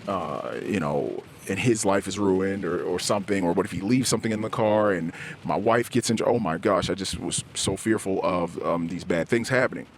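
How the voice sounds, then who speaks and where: A middle-aged man hosting a podcast, telling a personal story in a candid, halting way, often restarting and searching for words. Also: low-pitched, a little hiss or hum. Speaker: podcast host. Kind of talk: personal confessional podcast monologue. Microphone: podcast microphone, self-recorded.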